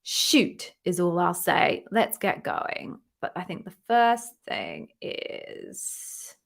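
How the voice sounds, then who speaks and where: A woman's voice: lowish voice, huge pitch swings, drawn-out words, vocal fry. A woman coaching viewers in a chatty live-stream Q&A, upbeat and encouraging. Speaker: interview coach hosting a live Q&A.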